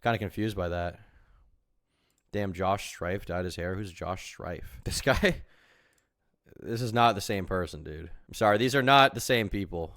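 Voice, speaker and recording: A man's voice: sits low, normal speed, a bit bright, no room sound, clean studio sound. A man streaming live and reacting to a video, talking casually in a rambling, argumentative way full of fillers.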